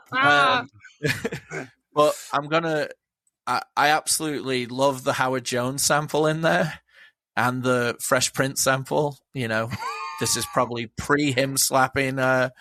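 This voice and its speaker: A man's voice: mid-range voice, fairly even intonation, a little slow, sharp tone, no echo. A man chatting as a podcast guest, enthusiastic and rambling, swearing freely. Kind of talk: casual chat.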